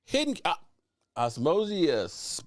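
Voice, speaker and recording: A man hosting a live sports talk stream, teasing and greeting chat viewers by name in an animated way. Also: a little high, takes it slowly, very noisy. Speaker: sports show host.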